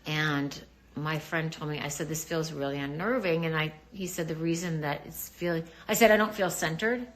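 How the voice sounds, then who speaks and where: A middle-aged woman talks straight to her viewers on a live stream. Her voice sits a little low, and her delivery is chatty, reassuring and informal. It sounds like it is picked up by a phone or laptop mic. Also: fairly even intonation, moderate pace. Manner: chatty, reassuring, greets commenters. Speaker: livestream host talking to viewers. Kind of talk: casual live-stream chat.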